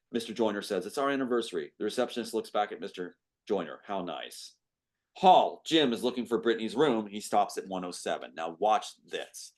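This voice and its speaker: A man reads through his own script, playing every part himself. He keeps breaking off to comment, and his voice catches with emotion along the way. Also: mid-range voice. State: choked up with emotion. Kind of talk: dramatic script reading with commentary.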